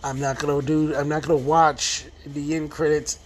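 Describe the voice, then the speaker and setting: A man's voice: a little high, level tone, moderate pace, a little hiss or hum. A man casually recapping a TV episode as a reviewer, rambling and restarting his sentences while acting out the quoted lines. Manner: rambling storyteller who restarts phrases; acts out quoted lines in retelling. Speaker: TV show reviewer.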